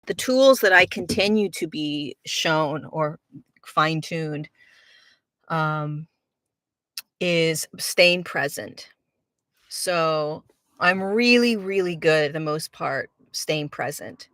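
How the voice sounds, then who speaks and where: A woman's voice: low-pitched, slow, a bit bright, dry recording, clean studio sound. A woman hosting a spiritual podcast, talking earnestly in a reflective monologue and repeating words for emphasis. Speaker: spiritual teacher and podcast host.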